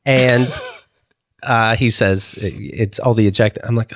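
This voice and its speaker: A man's voice: fairly low pitch, fairly even intonation, measured pace, dry recording, clean studio sound. A man co-hosting a casual talk show, telling rambling stories and slipping into imitations of people. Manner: rambling storyteller, mimics voices. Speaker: co-host. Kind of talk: casual podcast banter.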